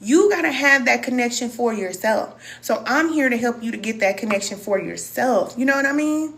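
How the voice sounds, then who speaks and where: A woman's voice: a little high, animated, moderate pace, fairly bright tone. A middle-aged woman, a spiritual wellness teacher, talking casually and emotionally to viewers on a live stream, reading their comments and calling them cousin.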